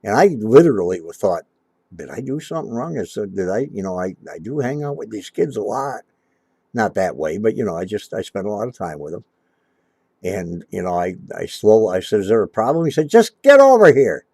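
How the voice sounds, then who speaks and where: A man's voice: on the low side, lively intonation, a little fast, vocal fry, dark tone, husky, dry recording. A middle-aged man telling a long personal story in a casual, rambling way, often restarting his sentences. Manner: rambling, restarts often, acts out quoted lines. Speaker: storyteller recalling his cab-driving days.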